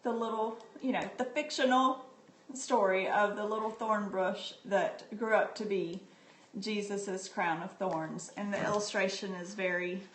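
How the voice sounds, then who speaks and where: A woman's voice: medium pitch, steady tone, a little slow, a little hiss or hum. A middle-aged woman hosting a casual live stream about books, talking in a chatty, heartfelt way with frequent ums. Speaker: livestream host sharing books. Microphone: phone. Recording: echoey room, phone mic.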